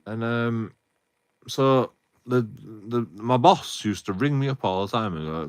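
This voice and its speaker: A man's voice: mid-range voice, a little slow, clear, resonant tone. A young man, ranting casually on a live stream, rambling with heavy swearing and many restarts.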